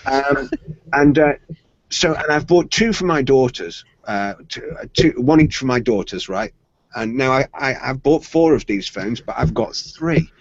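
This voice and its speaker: A man's voice: medium pitch, animated, moderate pace, no room sound. Man telling a playful story. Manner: playful storyteller who acts out quoted voices. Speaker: podcast co-host. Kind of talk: casual tech chat, storytelling. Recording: dry, slightly muffled podcast audio.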